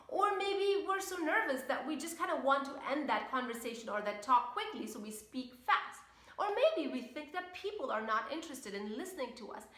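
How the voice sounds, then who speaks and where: A woman's voice: high-pitched, sharp tone. A woman coach giving an upbeat, emphatic lesson on public speaking. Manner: upbeat, emphatic teaching with demonstrations of pace. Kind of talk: online course lesson. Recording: echoey room.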